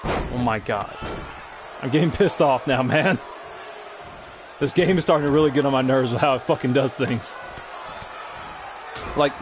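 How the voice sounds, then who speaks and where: A man's voice: mid-range voice, unhurried, long pauses, crowd noise, noisy background. A young man doing gameplay commentary, swearing and trash-talking the game in frustration. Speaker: gameplay streamer. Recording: game sounds loud behind.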